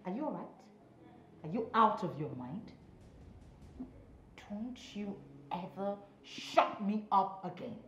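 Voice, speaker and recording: A woman's voice: mid-range voice, big pitch swings, slow pace, pauses often, fairly bright tone. An actress with a Nigerian accent playing a cold, dismissive young woman who gives orders. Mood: scornful. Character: haughty young woman, scornful fiancée. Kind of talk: film drama acting. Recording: echoey, dull sound with music.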